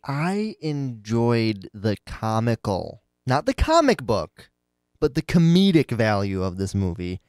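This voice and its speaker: A man's voice: medium pitch, huge pitch swings, slow pace, darkish tone, no echo, clean studio sound. A man co-hosting a podcast, sardonic in casual chat about a movie. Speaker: podcast co-host.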